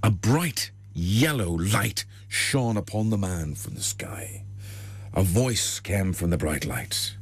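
A man's voice: low-pitched, expressive, slow, breathy edge. A man, a radio host who tells jokes in a chatty way and laughs often. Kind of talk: joke telling on radio.

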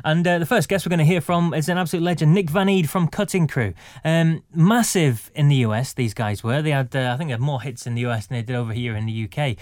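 Fast-talking, higher-pitched male host. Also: darkish tone, no echo, clean studio sound. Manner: quick, chirpy, laughs often. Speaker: podcast host. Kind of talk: casual podcast chat.

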